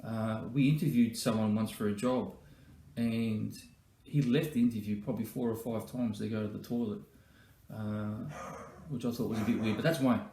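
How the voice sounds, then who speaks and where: A man's voice: fairly low pitch, steady tone, moderate pace, warm tone, a little hiss or hum. A man, a former colleague, telling joking stories in a birthday tribute. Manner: joking, anecdotal, with fillers. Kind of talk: comic storytelling tribute. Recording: roomy echo.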